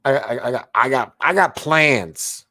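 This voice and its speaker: A man in his forties hosting a late-night livestream, rambling excitably with stammering restarts as he reads viewer comments aloud. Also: mid-range voice, a little slow, dry recording, clean studio sound. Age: 40s. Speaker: livestream host.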